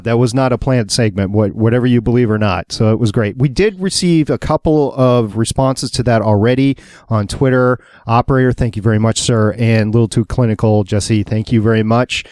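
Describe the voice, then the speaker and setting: A man's voice: medium pitch, darkish tone, dry recording, clean studio sound. A man co-hosting a podcast, bantering in an emphatic, teasing way during casual chat. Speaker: podcast co-host.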